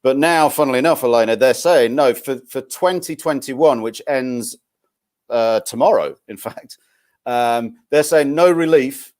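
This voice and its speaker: A man's voice: medium pitch, unhurried, a little mellow. A man from northern England with a Northern English accent, a guest expert chatting casually and explaining tax rules with frequent restarts. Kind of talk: casual live-stream chat.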